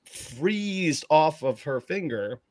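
A man co-hosting a casual podcast, loud and hyped up, throwing in profane exclamations. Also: on the high side, lively intonation, slow pace, no room sound. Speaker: podcast co-host.

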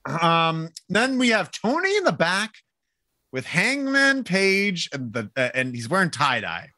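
A man's voice: high voice, wildly swooping pitch, a little slow, pushed and bright, no room sound, studio quality. A man co-hosting a casual show, reading live chat comments and joking around with many fillers. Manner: rambling, joking, lots of fillers. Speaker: podcast co-host.

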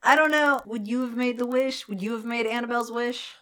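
A woman's voice: on the high side, a little fast, sharp tone. A woman co-hosting a casual podcast, recapping a movie with profane, sarcastic humor and frequent laughter. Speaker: podcast co-host.

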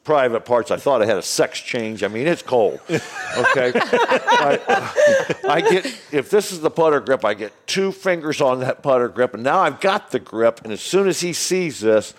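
Animated man in his sixties telling stories. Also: mid-range voice, normal speed. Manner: animated, acts out voices in anecdotes, laughs often. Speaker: guest telling golf stories. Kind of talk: casual storytelling.

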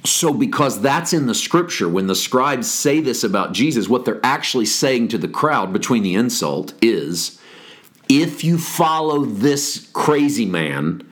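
A man's voice: mid-range voice, animated, a bit bright. A man hosting a Bible study podcast, explaining scripture in a wry, explanatory way. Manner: explanatory, wry, slow and deliberate. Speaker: podcast host teaching scripture.

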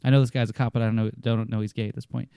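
A man's voice: medium pitch, flat delivery, very fast, dark tone, smooth, no room sound, studio quality. A man chatting casually on a podcast, telling stories about clients, swearing and acting out what people said to him. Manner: storytelling, swears, acts out quotes.

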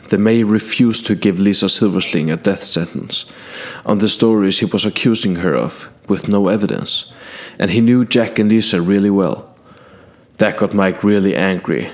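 A man telling a fantasy adventure in character, recounting past deeds to a king in a measured, earnest first-person way. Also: deep voice. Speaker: storyteller.

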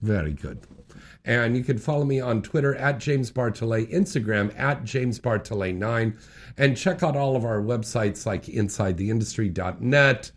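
A male talk radio host with a voice that moves a lot in pitch. He chats loosely, jokes and laughs along with guests and callers. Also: lively intonation, normal speed. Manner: loose, joking, laughs often. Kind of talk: casual talk radio chat.

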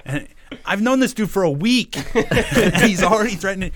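A man's voice: high voice, moderate pace. A man as a podcast guest, telling stories and acting out the people in them. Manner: animated storyteller, acts out quotes. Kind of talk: casual chat.

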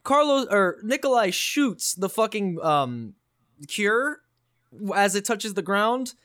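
A man's voice: sits high, takes it slowly. A man co-hosting a casual gaming podcast, swearing freely and acting out characters' lines as he recaps. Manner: animated and profane, acts out characters' lines. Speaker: podcast co-host.

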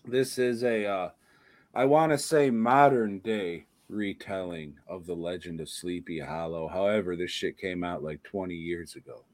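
A deep-voiced podcast co-host on a horror show chats casually at a moderate pace, his tone a little mellow. He rambles, swears a lot, and laughs frequently.

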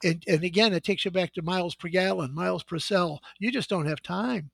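A man's voice: sits high, brisk, creaky, husky, no echo. A middle-aged sales executive telling anecdotes in a podcast conversation, acting out the voices in his stories. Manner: animated anecdotal storyteller, acts out dialogue.

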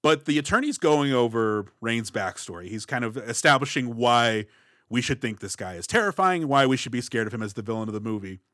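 A man's voice: medium pitch, expressive, a little fast, fairly bright tone, no room sound, clean studio sound. A man co-hosting a movie podcast, making mocking jokes about a film's plot in casual chat. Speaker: podcast co-host.

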